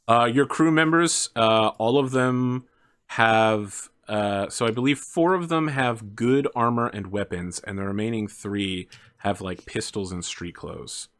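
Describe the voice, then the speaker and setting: Low-ish guy running a tabletop game, dry mic, chill and jokey. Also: unhurried, a bit bright, no room sound. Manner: casual, joking narration with many fillers. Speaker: game master.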